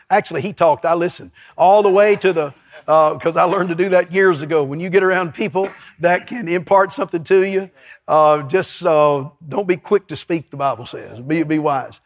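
Casting: preacher, high-pitched man, animated storytelling sermon with call-and-response. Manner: lively, storytelling, calls to the congregation. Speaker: pastor. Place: church before a congregation.

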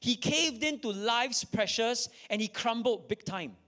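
A man's voice: very high-pitched, expressive, unhurried, sharp tone. A man preaching a sermon to a live audience, reading scripture dramatically and repeating key lines for emphasis. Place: church in front of an audience.

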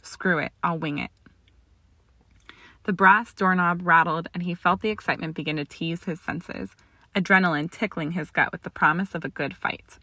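A woman narrating a story aloud in a steady, expressive audiobook reading. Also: on the low side, a little fast, no room sound. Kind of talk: audiobook reading of fan fiction.

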